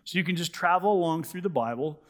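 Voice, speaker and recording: Man, pastor, sermon, bright voice, slightly high pitch, chatty and animated delivery. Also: quick pace. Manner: conversational, animated, many "like" and "sort of". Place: church sanctuary.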